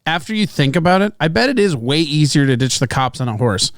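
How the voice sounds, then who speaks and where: A man's voice: a little high, lively intonation, a little fast, no echo, studio quality. A man co-hosting a morning radio show, wisecracking in casual banter. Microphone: studio mic.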